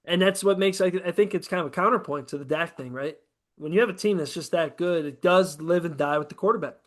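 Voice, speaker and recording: A man's voice: fairly high pitch, quick pace. A man co-hosting a casual sports podcast, rambling and profane about football teams. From American Midwest. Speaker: podcast co-host.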